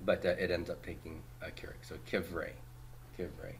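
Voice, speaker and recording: A man's voice: sits low, flat delivery, normal speed, a little hiss or hum. A man teaching a Hebrew grammar class, explaining patiently and quizzing his students with questions and homely comparisons.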